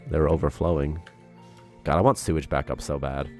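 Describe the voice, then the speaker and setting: A deep-voiced man chatting loosely through a game development stream, wandering from topic to topic. His sentences ramble and fill up with "like" and small laughs. Soft music runs faintly behind him. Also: steady tone, brisk. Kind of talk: casual live-stream chat.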